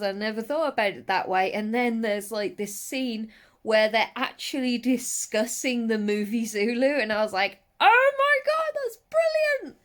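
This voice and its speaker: A woman from the English West Midlands with a faded Brummie accent, chatting casually and rambling in a home vlog about horror movies. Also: mid-range voice. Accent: faded Brummie / Black Country. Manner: chatty, rambling, lively with frequent asides. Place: at home, settled under a blanket.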